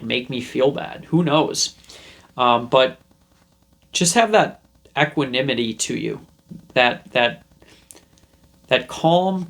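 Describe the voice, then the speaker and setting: In this self-help video, the young host's medium-pitched voice comes across a bit bright. His talk to camera is casual and rambling, and he acts out the story's scenes using put-on voices.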